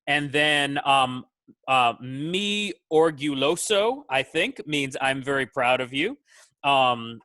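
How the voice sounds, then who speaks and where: A male teacher speaks over a video call, his voice bright and forward. The sound is dry and close, with little room in it, and he praises each student in turn with lively, quoted asides. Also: mid-range voice, slow, clean tone, no room sound. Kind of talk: casual award speech on a video call.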